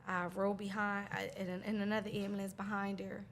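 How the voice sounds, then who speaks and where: Woman telling a raw grief story, gravelly voice, faint hiss behind, halting with nervous laughs. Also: mid-range voice, monotone. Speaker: guest. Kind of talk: emotional personal storytelling.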